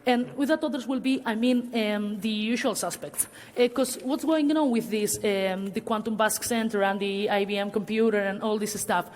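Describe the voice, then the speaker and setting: A woman's voice: medium pitch, normal speed, hardly any pauses, darkish tone, a little hiss or hum. A woman speaking on a public panel in a cultural centre hall. She talks hesitantly, with many fillers. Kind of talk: public talk in a panel discussion. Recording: long hall reverb.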